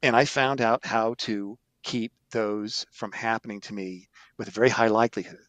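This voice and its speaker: A middle-aged man, a sales trainer, telling stories in an animated, emphatic way as an interview guest. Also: fairly low pitch, normal speed, no echo. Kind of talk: storytelling interview answer.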